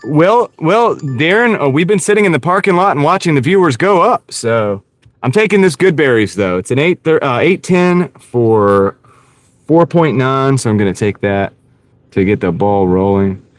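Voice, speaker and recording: A man's voice: medium pitch, animated, moderate pace, dry recording. A man and gig delivery driver streaming live from his car, chatting casually and joking at his own expense while greeting viewers by name. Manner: joking, self-mocking, talks to chat by name. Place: inside a car. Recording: car road noise.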